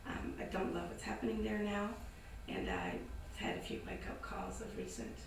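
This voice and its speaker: In an indoor event space, a Southern woman with a mid-range voice and normal pace tells a live audience a casual story, animated as she voices the people in it. The room is echoey, the mic distant, and there's some background noise.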